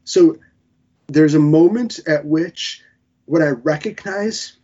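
An earnest man preaching a Bible-teaching sermon in a slightly high, husky voice. He pauses, restarts and piles up words while sounding emotional. The recording is somewhat muffled and lo-fi. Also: warm tone. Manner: earnest, halting, with many restarts and fillers.

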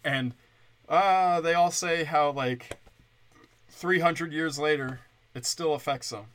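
A man's voice: on the high side, slow, fairly bright tone, slight background noise. A male comedian ranting sarcastically, crude and full of curses. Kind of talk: profane comedic rant.

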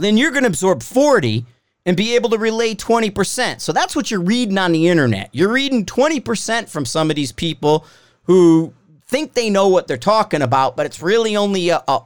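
A man with a lively, swooping voice rants on his podcast like an exasperated shooting instructor, swearing freely and mimicking the people he argues with. The sound is dry and close, with no room around it. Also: high voice, no room sound. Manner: animated, exasperated, profane, mocks others in put-on voices. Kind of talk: casual ranting monologue.

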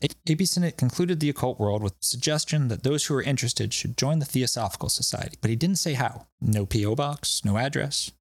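A man's voice: mid-range voice, animated, brisk, hardly any pauses, slightly rough, dry recording. A man hosting a podcast, telling stories in a loose, laughing way with plenty of swearing. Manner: laughing, profane, loose storytelling. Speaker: podcast host. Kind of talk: casual chat.

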